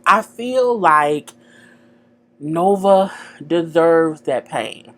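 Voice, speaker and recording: A woman's voice: fairly low pitch, takes it slowly, a bit bright. A woman giving a chatty, frank recap of a TV episode, full of "girl" and "you know". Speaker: TV show recapper.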